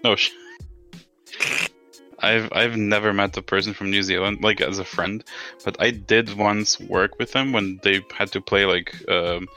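Low, bright-toned, profane joking man. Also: steady tone, a little slow, faint music behind. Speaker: podcast co-host. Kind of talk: casual chat.

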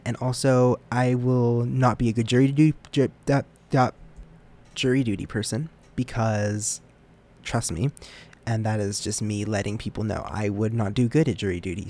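A man's voice: mid-range voice, a little mellow. A young man hosting a casual solo podcast, rambling and self-deprecating, often stumbling over his words. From United States. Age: young adult. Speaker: podcast host.

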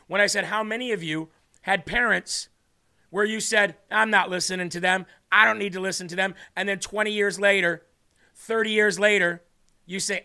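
A Midwestern man with a high voice leads a Bible teaching. He reads a verse, then unpacks it in an earnest, chatty manner, with a bright, forceful tone. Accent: Midwestern American. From Illinois. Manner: earnest, conversational, reads scripture then explains it. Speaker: host of a faith show. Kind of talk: Bible teaching with casual commentary.

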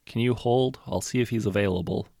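A man voicing a bored office receptionist answering the phone in a flat manner. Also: lowish voice, brisk, vocal fry, no room sound, clean studio sound.

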